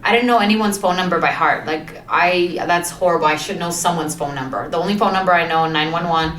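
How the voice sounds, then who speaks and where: A young woman co-hosting a podcast, telling a story in a lively, laughing, chatty way. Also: lowish voice, fairly quick. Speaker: podcast co-host. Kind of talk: casual storytelling chat. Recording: roomy, off-mic sound.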